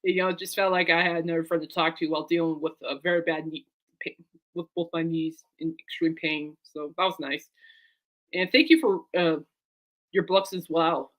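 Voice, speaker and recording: Woman vlogger, bright forward voice, loose rambling heartfelt chat to camera. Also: lowish voice. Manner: rambling and heartfelt, talks aside to her dog. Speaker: vlogger and fan.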